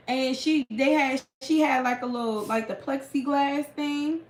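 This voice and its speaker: A woman's voice: sits high, fairly even intonation, measured pace. A woman tarot reader in casual late-night live chat, telling stories in a blunt, profane way. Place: room at home at night. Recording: echoey room with faint hum.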